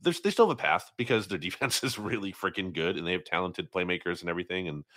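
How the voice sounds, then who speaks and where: Deep, bright-toned teasing male co-host. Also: quick pace, no room sound. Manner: dry, teasing, sarcastic. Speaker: sports podcast co-host. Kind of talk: casual sports chat.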